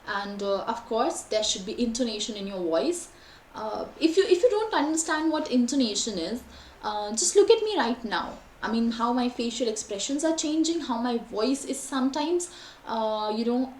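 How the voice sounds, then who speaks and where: A young woman teaching an online exam-prep lesson, with lively, varied intonation and frequent fillers. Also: fairly high pitch. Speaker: IELTS teacher. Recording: echoey room, faint background noise.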